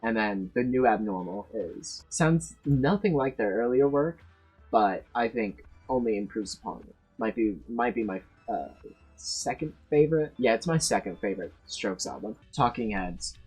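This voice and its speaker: A man's voice: lowish voice, lively intonation, moderate pace, a little mellow, breathy edge, faint music behind. A man in his twenties giving blunt, profane, emphatic opinions in a casual ranking monologue, full of restarts. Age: 20s. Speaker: tier list video creator.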